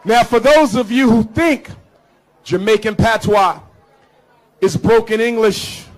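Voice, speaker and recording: High-voiced man giving a fiery speech. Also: takes it slowly, some chatter behind, poor audio. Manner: impassioned, rhythmic preaching cadence, punches phrases with shouts. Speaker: public speaker. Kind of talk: fiery public speech to an audience. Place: live event before an audience.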